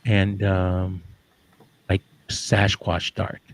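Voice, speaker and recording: A middle-aged man with a low, gravelly voice spins a loose, joking anecdote in a casual audio chat room. He drifts between asides and fillers, and the sound is close and dry. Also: completely flat delivery, drawn-out words, no room sound. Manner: rambling, joking, trails off with fillers. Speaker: social audio room participant.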